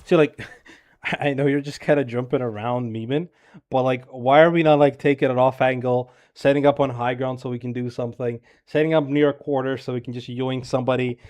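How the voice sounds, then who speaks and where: A man's voice: medium pitch, fairly even intonation, darkish tone. A man reviewing a player's gameplay as a coach, talking casually and criticizing bluntly and profanely, with lots of "bro" and "right?". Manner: filler-heavy rapid talk with frequent "bro" and "right?". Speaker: game coach.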